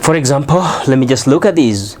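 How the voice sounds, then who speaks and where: A man teaching a recorded English lesson. He explains step by step, often pausing on "uh" and checking in with "okay?". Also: medium pitch, expressive, background noise.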